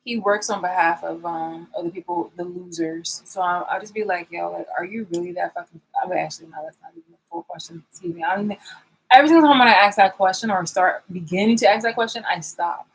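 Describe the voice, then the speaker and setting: A woman's voice: lowish voice, fast talker, a little hiss or hum, low-quality recording. A woman vlogger in a rambling, sarcastic rant, swearing and restarting her sentences as she calls people out. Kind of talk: confrontational vlog rant.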